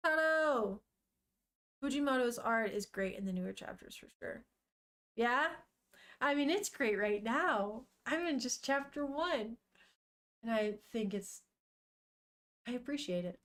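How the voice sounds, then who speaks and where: A woman's voice: on the high side, animated, a little slow, long pauses, fairly bright tone. A young woman streamer chatting casually and emotionally while reading a comic aloud, swearing now and then. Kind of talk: casual live-stream commentary.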